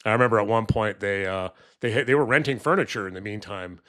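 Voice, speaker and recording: A man's voice: on the low side, fast, a bit bright. A man talking casually on his own, telling a story and then giving political commentary, with many fillers and restarts. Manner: rambling, many fillers and restarts, acts out quoted voices.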